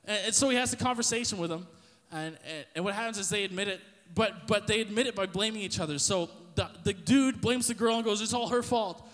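A man's voice: sits high, fast, a bit bright. A man hosting a faith podcast, retelling a Bible story in a casual, slangy way with frequent restarts. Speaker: podcast host. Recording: long reverb.

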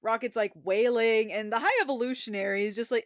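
A woman co-hosting a casual film review podcast, retelling scenes with feeling and quoting characters in quick voices. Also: mid-range voice, no echo, clean studio sound. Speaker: podcast co-host.

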